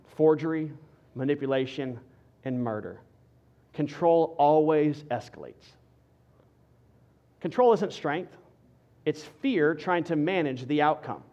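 A male pastor preaching a sermon with an emphatic, repetitive rhetorical cadence that drops to quiet for stress. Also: fairly high pitch, takes it slowly, pauses often, highs cut off.

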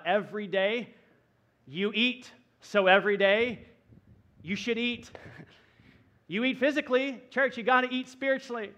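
High-voiced pastor preaching casually. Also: male voice, fairly bright tone. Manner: conversational preaching with folksy asides. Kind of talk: sermon.

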